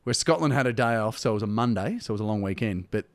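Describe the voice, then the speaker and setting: A man's voice: lowish voice, racing, no echo. An Australian man, a comedian guest, telling stories in a casual chat and acting out the people he quotes. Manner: animated storyteller, acts out quotes.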